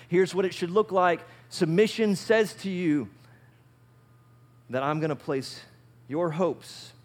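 A male pastor preaching a sermon in an animated way, often asking his listeners questions. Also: on the high side. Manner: animated, asks the audience questions.

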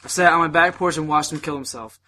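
Young male podcast host, slightly high, bright tone, halting and emotional delivery. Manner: earnest, halting, many fillers. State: emotional, holding back tears. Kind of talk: casual chat.

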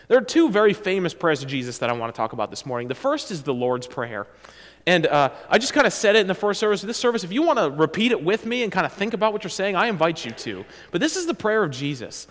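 Animated preaching man in a reverberant church. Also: a little high. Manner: animated, conversational preaching with asides and self-corrections. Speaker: pastor. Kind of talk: sermon. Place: church sanctuary.

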